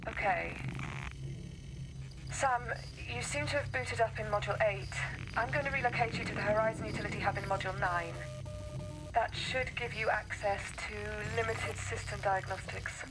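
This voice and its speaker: Game role: woman doing an anxious astronaut under pressure, mid-pitched, game audio with clear noise under it. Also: steady tone, moderate pace, close to an everyday voice. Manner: urgent, anxious, radio-like calls. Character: stranded female astronaut, tense and urgent. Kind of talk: video game dialogue.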